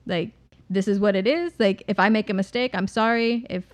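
A woman's voice: medium pitch, a little fast. Chatty woman talking frankly. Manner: direct, thoughtful, many fillers. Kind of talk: casual conversation.

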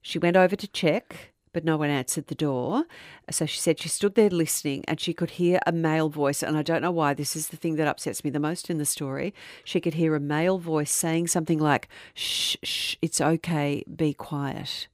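A woman's voice: low-pitched, a little fast, hardly any pauses, no room sound, clean studio sound. A woman hosting a true crime podcast, telling the case in a casual, chatty way. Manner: conversational, relaxed storytelling with fillers. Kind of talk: casual storytelling chat.

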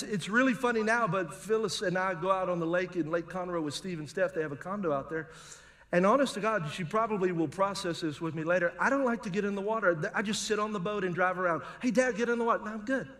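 High-voiced storytelling pastor. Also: male voice, quick pace, fairly bright tone. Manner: conversational, humorous, storytelling. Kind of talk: sermon with personal stories.

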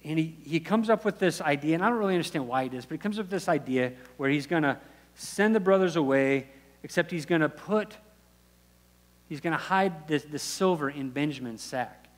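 A man's voice: on the high side, a little fast. Man preaching in a reverberant hall. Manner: conversational storytelling with quoted dialogue and restarts. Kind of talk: sermon retelling a Bible story.

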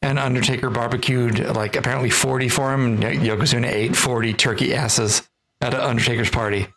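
A man's voice: medium pitch, fairly even intonation, fast talker, vocal fry, a bit bright, a little hiss or hum, poor audio. A man co-hosting a casual chat, recounting anecdotes with hesitant, rambling phrasing. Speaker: podcast co-host.

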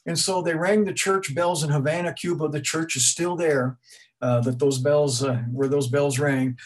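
A man's voice: on the high side, fairly even intonation, moderate pace. A middle-aged man giving an informal history talk to an audience, conversational and rambling, with frequent restarts and asides. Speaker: museum speaker giving a talk.

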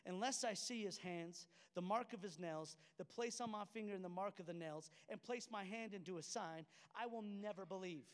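A man's voice: high-pitched, normal speed, few pauses, lightly acted. A man preaching voices the disciple Thomas as a frustrated, doubting man. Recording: echoey hall with faint music.

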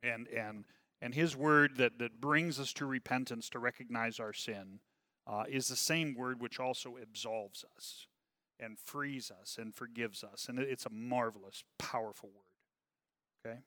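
A man's voice: steady tone, unhurried, pushed and bright, no echo. A man teaching a religious class, reading from a text and breaking off to comment, often asking "okay?" and "right?", his volume rising and falling. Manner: volume rises and falls widely, dropping low on asides.

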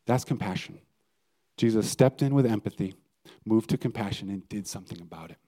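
A man's voice: on the low side, fairly quick, dark tone. A male pastor giving a conversational sermon and putting questions to his listeners. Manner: conversational preaching, asks the audience questions.

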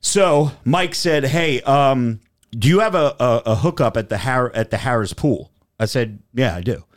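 A man's voice: medium pitch, a little slow. A man hosting a podcast, telling a story casually with lots of swearing and acted-out dialogue. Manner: profane, animated storyteller acting out dialogue. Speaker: podcast host.

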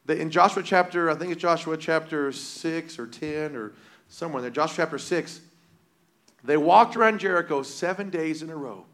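A man preaching a sermon with passion, repeating phrases and swinging between loud and hushed delivery. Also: on the high side.

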